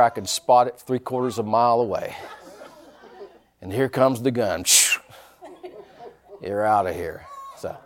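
A man preaching a sermon. He calls out to the congregation, repeats his lines for effect and drops in folksy, joking asides. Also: medium pitch. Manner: animated preaching with call-and-response and repeated phrases. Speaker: pastor.

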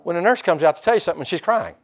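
A man's voice: high voice, lively intonation, racing. A man preaching a conversational sermon and talking directly to his congregation. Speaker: pastor.

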